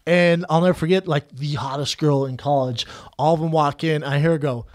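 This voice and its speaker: A man's voice: a little high, fairly even intonation, a little fast. A young man co-hosting a podcast, telling loose, profane stories in casual chat and laughing through them. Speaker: podcast co-host.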